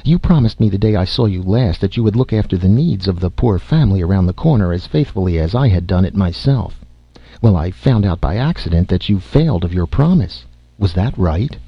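A man voicing a distraught older aunt who pleads in a high, imploring, breathless voice, in a slightly dull lo-fi recording. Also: animated, fairly quick, slightly rough, no room sound, full character voice. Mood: reproachful.

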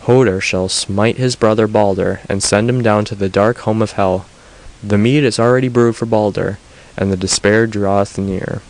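A man reading the lines of an ancient dead prophetess in an audiobook, slow and archaic with a moaning, mournful manner. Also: lowish voice, steady tone, close to an everyday voice, low-quality recording. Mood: grave.

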